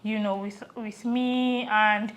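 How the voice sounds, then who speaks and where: A Nigerian woman co-hosting a podcast, telling a personal story in a reflective, earnest way that often trails off softly. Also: medium pitch, fairly even intonation, slow, muffled recording. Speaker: podcast co-host. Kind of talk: casual conversational storytelling.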